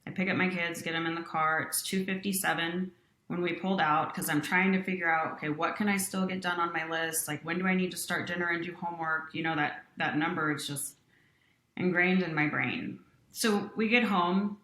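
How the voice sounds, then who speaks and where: A woman's voice: fairly low pitch, fairly quick, roomy sound. A woman, a company president, earnestly telling a personal story in an interview, voicing the people in it as she goes. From Utah. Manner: earnest, animated storytelling with quoted voices.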